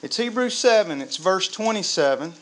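A man preaching a sermon to a live congregation, lively and humorous, quizzing the crowd. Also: high-pitched, moderate pace, slight background noise. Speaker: pastor.

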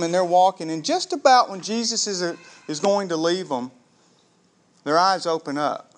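A pastor delivers a sermon in a voice noticeably high for a man, telling the story with animation and slipping into the characters' voices.

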